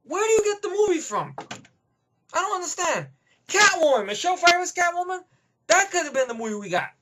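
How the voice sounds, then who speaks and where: A man's voice: very high voice, sing-song, a little fast, sharp tone. A man giving a rambling, profane movie review rant, heavy on emphatic opinions.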